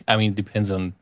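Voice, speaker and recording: A man's voice: lowish voice, a little mellow, breathy edge. A man from Germany, chatting casually as a podcast guest with dry, teasing humor. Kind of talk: casual chat.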